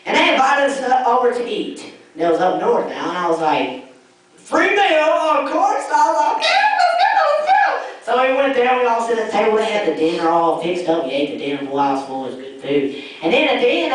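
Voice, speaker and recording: A man's voice: sits high, fairly quick. A young man doing a stand-up set, telling stories with lots of laughter and acted-out voices. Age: young adult. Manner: animated storytelling, acts out voices, laughs often. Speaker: stand-up comedian. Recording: echoey hall, mic heard from far off.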